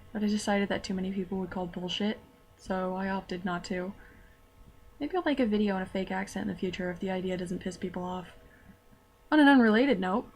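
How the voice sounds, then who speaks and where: A young Canadian vlogger tells a self-deprecating story to camera in casual style, chatty and full of quick asides. Her voice is mid-range, with a little hiss or hum in the audio.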